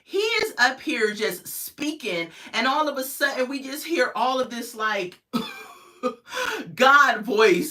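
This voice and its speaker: A young adult woman hosts a casual live review stream, chatting with viewers as they drop in and laughing easily. Her voice is bright and sharp, and her pitch jumps around with animated energy. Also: slow. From United States. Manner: chatty, greets viewers in the chat, laughs often. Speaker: host of a live reality-show review stream. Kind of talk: casual livestream commentary.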